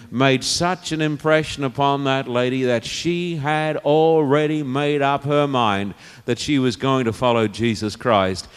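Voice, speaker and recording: Smooth-voiced preacher in a hall. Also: male voice, medium pitch. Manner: earnest, pleading, repeats phrases for emphasis. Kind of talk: evangelistic sermon. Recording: long reverb of a hall.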